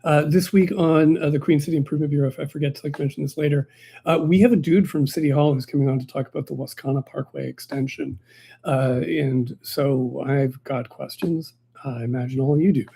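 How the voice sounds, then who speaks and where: A man's voice: a little high, steady tone, fairly quick, vocal fry, mellow, husky. A man who hosts a local politics podcast, chatting casually and jokingly on a livestream with many fillers and restarts. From Canada.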